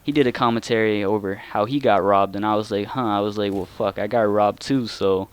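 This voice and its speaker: Young male, lowish smooth voice, loose rambling gaming commentary. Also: fairly even intonation, fairly quick. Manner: rambling, lots of "like" and "you know". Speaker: gaming channel creator. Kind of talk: casual storytelling commentary.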